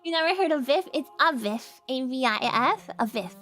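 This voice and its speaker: A woman's voice: high voice, very animated, unhurried, bright, forceful tone, faint music behind. A young woman streamer, giggly and chatty, reading game dialogue and chatting casually. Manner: giggly and chatty, laughs often.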